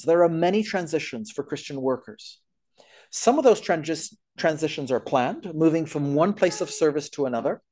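A man's voice: on the high side, a little mellow. Earnest man giving a church talk. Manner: earnest, explanatory, lists points. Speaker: speaker on missionary care.

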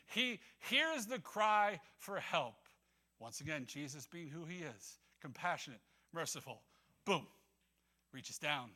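A man's voice: fairly high pitch, expressive, slow, bright, forceful tone. A man preaching a casual, conversational sermon, acting out the voices of biblical figures and laughing often.

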